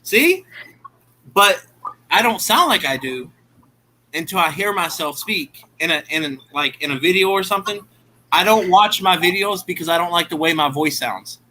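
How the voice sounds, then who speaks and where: Bright-voiced man with a Southern US accent. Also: sits high, moderate pace, a little hiss or hum, rough recording. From Ohio, US. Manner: blunt, swears casually. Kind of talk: casual chat on a livestream.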